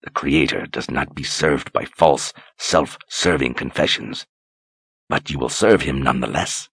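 A man voicing a cruel, zealous male inquisitor who speaks low and quietly through clenched teeth. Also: normal speed, breathy edge, no echo. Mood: menacing.

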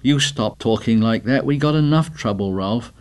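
A man's voice: mid-range voice, moderate pace, lightly acted. A man reading the part of an anxious, fussy schoolboy who pleads earnestly. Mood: pleading.

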